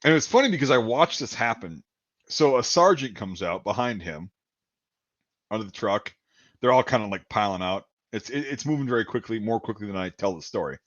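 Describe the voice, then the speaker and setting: A man's voice: lowish voice, lively intonation, fairly quick, fairly bright tone, no echo. A man from Wisconsin telling a rambling story in casual chat, repeating words and acting out what people said. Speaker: podcast host. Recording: dull lo-fi dry sound.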